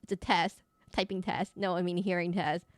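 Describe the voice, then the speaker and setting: A young woman streaming a horror game, chatting fast and rambling with a slight lisp, often correcting herself mid-sentence. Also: lowish voice, level tone, dry recording, studio quality. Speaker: VTuber streamer. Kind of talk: casual live-stream chat while gaming.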